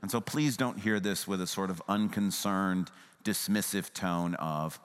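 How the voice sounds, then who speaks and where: A man preaching a sermon as a pastor, earnest and conversational, at times dropping to a soft, hushed voice. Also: low voice, unhurried, clear, resonant tone, in a large hall.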